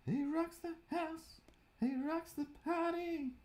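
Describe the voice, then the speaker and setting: A man chanting a party jingle in a high falsetto as a hype-man figure. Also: steady tone, slow, darkish tone. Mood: hyped.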